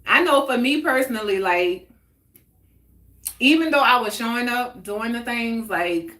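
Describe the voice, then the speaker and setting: Slow-talking woman in a roomy echo. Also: fairly high pitch, a bit bright. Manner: chatty and candid, answers viewer comments aloud, laughs often. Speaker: host of a live talk stream. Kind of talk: casual heart-to-heart chat. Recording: roomy echoey sound.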